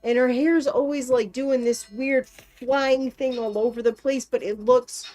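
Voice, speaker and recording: A woman's voice: sits high, steady tone, unhurried, darkish tone, soft background music. A young woman co-hosting a casual chat, rambling and swearing freely as she acts out quotes. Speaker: co-host.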